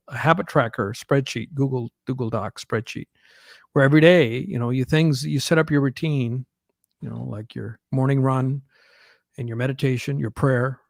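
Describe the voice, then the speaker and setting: Co-host, man, gravelly mid voice, dry close mic, rambling chatty delivery. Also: medium pitch, a little mellow, dry recording. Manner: rambling, restarts often, laughs easily. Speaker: podcast co-host. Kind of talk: casual chat.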